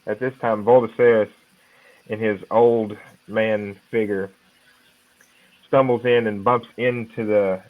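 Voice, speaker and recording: A man describes his character's actions in a tabletop game, deliberate and a little hesitant. His voice sits fairly low, and the audio sounds dull and lo-fi. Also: flat delivery. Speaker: player.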